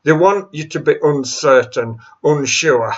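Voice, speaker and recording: Exasperated man, mocking solo rant, unhurried delivery, dull lo-fi recording. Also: a little high. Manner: exasperated, mocking, swears freely. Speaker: solo ranter. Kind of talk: impromptu rant. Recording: dull lo-fi sound.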